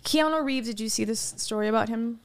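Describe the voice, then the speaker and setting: Woman podcast host, smooth clear voice, animated rambling storyteller, casual chat. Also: fairly high pitch, fast. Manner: animated, rambling anecdotes with restarts and laughs.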